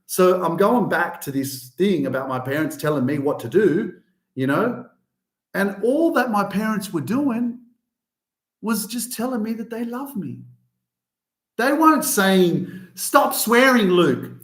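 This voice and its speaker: A man hosting a casual motivational podcast, talking emphatically, swearing often and pushing his voice up on key points. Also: fairly high pitch. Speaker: podcast host. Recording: roomy echo.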